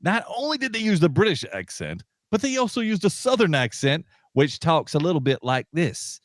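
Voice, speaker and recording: A man co-hosting a sci-fi podcast in casual chat, emphatic and animated, repeating words as he builds a point. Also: a little high, normal speed, hardly any pauses, no echo, clean studio sound. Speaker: podcast co-host.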